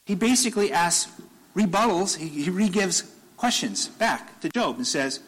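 A man's voice: high-pitched, expressive, normal speed, a bit bright, slightly rough, poor audio. Man preaching an emphatic, conversational sermon. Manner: conversational, rises to emphatic bursts, repeats phrases.

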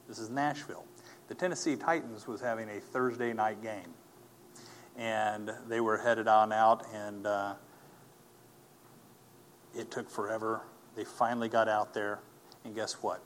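A man telling a personal faith testimony as a story, earnest and animated, acting out the people he quotes. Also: fairly low pitch, a little hiss or hum. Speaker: speaker giving a personal testimony.

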